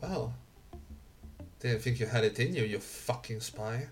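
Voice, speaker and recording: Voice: very animated, a little slow. Someone doing a taunting, sneering gang boss. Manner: taunting, swings between loud jeers and low sneers. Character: mocking gang leader, sly and menacing.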